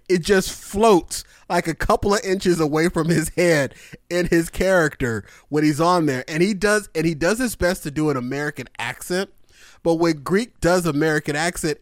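A man co-hosting a podcast, telling stories in an excited casual chat with frequent swearing and laughter. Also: a little high, no echo, clean studio sound. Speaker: podcast co-host.

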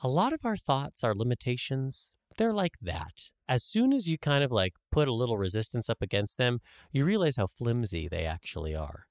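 A man's voice: medium pitch, sing-song, normal speed, hardly any pauses, dry recording, clean studio sound. Playful, reflective man hosting a podcast. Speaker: podcast co-host. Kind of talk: casual spiritual podcast chat.

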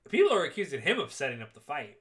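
A podcast co-host with a slightly high voice talks fast as he recaps a movie with his partner. He's excitable and swears a lot, acting out the characters' lines.

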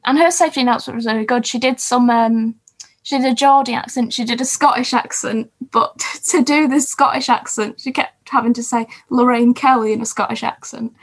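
A woman's voice: a little high, steady tone, a little fast, slightly rough, rough recording. A woman co-hosting a podcast, recapping TV shows in casual, rambling chat and laughing often. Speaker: podcast co-host.

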